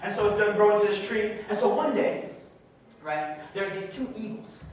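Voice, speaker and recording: A man telling a story in a sermon, animated and calling to the crowd. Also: sits high, normal speed, slight background noise. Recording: echoey hall from far off.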